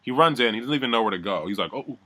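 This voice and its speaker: A man's voice: mid-range voice, lively intonation, racing, bright, forceful tone. A man giving a heated, profane recap of a reality show, talking animatedly and mimicking the people he describes. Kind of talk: heated casual recap rant.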